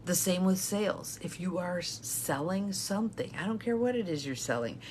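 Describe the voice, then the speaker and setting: Low-voiced older woman coaching. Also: normal speed, a little hiss or hum. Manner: warm-hearted, encouraging, chatty. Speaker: intuitive guidance coach. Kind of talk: casual motivational talk to live viewers.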